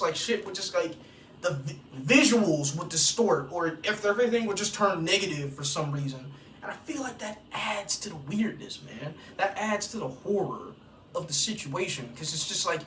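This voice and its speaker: Profane, rambling male vlogger, mid-pitched, recorded off-mic with faint background hiss. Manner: profane, rambling, animated storytelling. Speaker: vlogger reviewing horror films. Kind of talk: casual movie-review rant. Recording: roomy, distant mic with faint noise.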